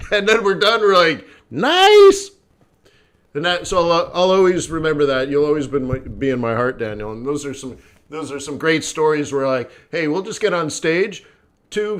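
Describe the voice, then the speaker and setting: A man hosting a live trading stream, telling stories in a lively casual way and acting out the people he quotes. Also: on the high side. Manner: animated, acts out quoted people. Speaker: forex trading host. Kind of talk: live stream chat and storytelling.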